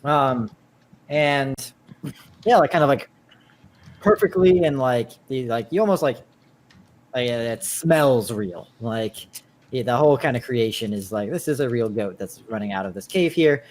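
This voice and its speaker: A man running a tabletop game as game master, narrating casually in a halting way with many filler words. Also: mid-range voice, animated.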